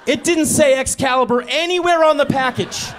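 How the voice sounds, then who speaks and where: High-voiced man telling a stand-up story. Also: moderate pace, a little hiss or hum. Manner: conversational storytelling with awkward, sheepish asides and bursts of exasperation. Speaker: stand-up comedian. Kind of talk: stand-up comedy set. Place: comedy stage before a live audience.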